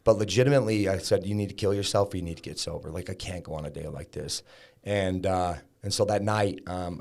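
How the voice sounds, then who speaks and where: A man in his thirties, a podcast guest, telling his own story in a frank, conversational way, full of likes and the odd curse. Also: on the low side. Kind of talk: candid storytelling about recovery.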